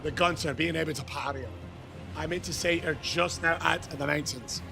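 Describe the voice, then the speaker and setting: A man livestreaming a game, reading chat and bursting into shouted greetings between casual muttering. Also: fairly high pitch, normal speed, creaky, over music. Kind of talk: excited live-stream chat.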